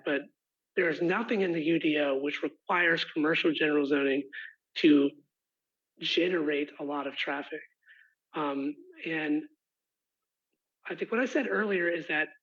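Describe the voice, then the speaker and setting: A man's voice: a little high, fairly bright tone, slightly rough. Guy who lost his voice answering neighbors' questions on a call, lots of ums and restarts, kinda muffled sound. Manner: halting, many restarts and fillers, apologetic. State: hoarse, has lost his voice. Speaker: rezoning applicant's representative. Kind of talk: answering residents' questions at an online meeting. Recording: muffled lo-fi online call audio.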